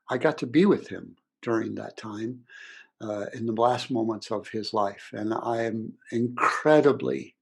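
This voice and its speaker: A middle-aged man, telling a personal story in an earnest, reflective way with pauses and restarts. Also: medium pitch, gravelly. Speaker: ministry speaker.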